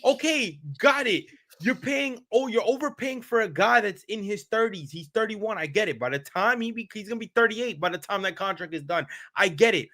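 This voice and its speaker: A man co-hosting a sports talk show who gets loud, swears and repeats himself as he argues his point. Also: sits high, animated, brisk, hardly any pauses. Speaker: podcast co-host.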